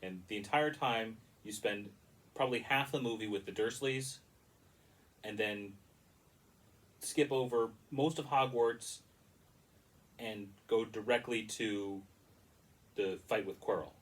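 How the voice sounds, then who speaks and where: A man's voice: fairly low pitch, takes it slowly, long pauses, distant mic, low-quality recording. A man giving a casual, rambling and critical movie review with frequent restarts.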